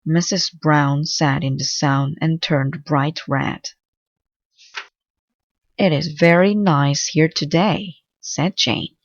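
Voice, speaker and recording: Woman narrator for a kids' picture book, unhurried, dry close sound, slightly muffled. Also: low-pitched, no echo. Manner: slow, clear read-aloud delivery. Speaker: storybook reader. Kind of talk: reading a children's book aloud.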